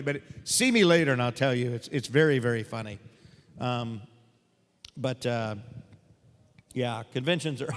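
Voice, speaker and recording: Up on a convention panel stage, a voice actor with a creaky, mid-range voice trades jokey stories and audience Q&A. He animatedly performs the voices he quotes, and the room is full of echo.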